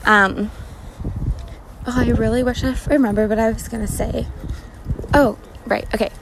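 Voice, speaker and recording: A woman's voice: a little high, steady tone, moderate pace, creaky. Rambling young woman podcasting on a street. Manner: rambling, candid, laughs often. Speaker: podcast host. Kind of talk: casual solo podcast episode. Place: walking outdoors on a city street. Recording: street noise with sirens and traffic. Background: sirens, cars, restaurant fan.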